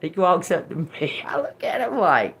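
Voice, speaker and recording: A woman hosting a casual tarot livestream, talking straight to her viewers. Her voice sits fairly low but rises and falls with lively swings. She swears freely and laughs often as she tells her story. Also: moderate pace, breathy edge. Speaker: tarot reader livestream host.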